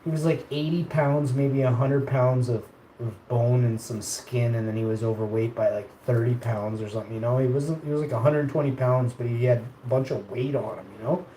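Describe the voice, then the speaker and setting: A live streamer with a medium-pitched, steady, dark-toned voice tells rambling childhood stories at a normal speed in a casual stream. He laughs often and gets louder when quoting people. The room is echoey, with faint ambient noise.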